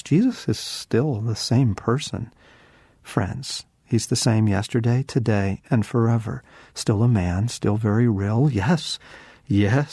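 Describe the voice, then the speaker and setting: Earnest low-voiced man teaching, dry sound. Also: no room sound. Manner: earnest, reflective, slows and softens on key phrases. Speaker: Christian author and teacher. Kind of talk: devotional teaching talk.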